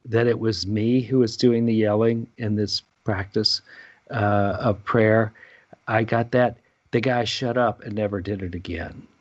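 A low-voiced man talks through a prayer practice at an unhurried pace, halting often with fillers and restarts. The recording is dull and dry, with no room sound around him. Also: dry recording. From United States. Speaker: meditation teacher. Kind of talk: casual spiritual conversation.

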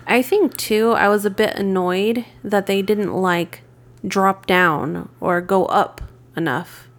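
A woman's voice: mid-range voice, takes it slowly. A woman co-hosting a casual podcast chat, laid-back, giving short replies with some casual swearing. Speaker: podcast co-host.

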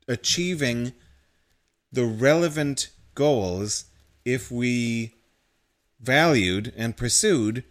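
A man co-hosting a casual discussion podcast, explaining ideas at length in a thoughtful way. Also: mid-range voice. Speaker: podcast co-host.

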